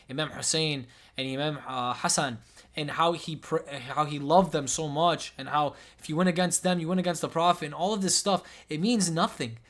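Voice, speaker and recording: A man's voice: a little high, a bit bright. A young man giving impassioned religious commentary, emotional and pleading, often repeating himself.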